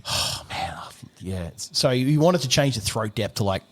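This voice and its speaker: A middle-aged man, a gunsmith telling a story on a podcast, animated, swearing and laughing often. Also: on the low side, measured pace. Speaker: gunsmith guest.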